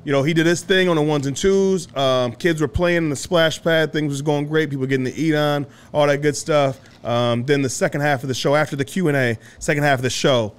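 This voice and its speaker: A man's voice: a little high, fairly even intonation, a little fast, few pauses, smooth. A man, co-hosting a podcast, telling stories in a laid-back, casual way and laughing often. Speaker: podcast co-host. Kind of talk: casual chat.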